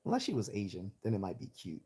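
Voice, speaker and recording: A livestream host from Chicago reads out the chat in a rambling, opinionated way, frequently starting his sentences over. He has a Northeastern American accent and a lowish, dark, slightly rough voice that talks fast with huge swings in pitch.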